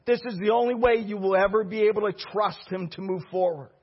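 A man's voice: high-pitched, fairly quick, breathy edge, highs cut off. A male pastor preaching a sermon with fervor and repeating key phrases for emphasis.

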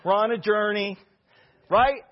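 A man preaching a sermon as pastor, impassioned, swinging between loud declarations and hushed asides. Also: high voice, steady tone, measured pace, muffled recording.

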